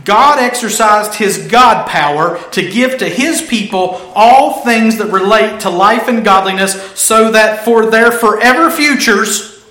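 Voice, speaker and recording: A man with a high, bright voice preaches a sermon, hammering home and repeating his key phrases. The recording has an echoey room sound. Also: expressive, a little slow.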